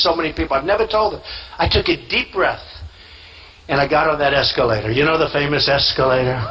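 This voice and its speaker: A man's voice: sits high, sharp tone, a little hiss or hum, poor audio. A man giving a rally speech as a candidate, boastful and rambling, repeating himself and acting out quoted dialogue.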